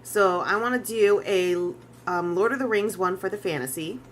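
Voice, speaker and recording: A woman artist talks through a drawing stream at a middle pitch, loose and rambling. She restarts her sentences, drops in casual swears and never sounds scripted. A faint bed of room ambience sits under her voice. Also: moderate pace, a little hiss or hum. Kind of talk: casual live-stream chat.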